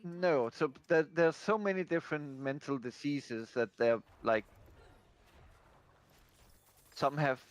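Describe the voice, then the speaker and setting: A man's voice: fairly high pitch, normal speed. Dry, teasing man in casual chat.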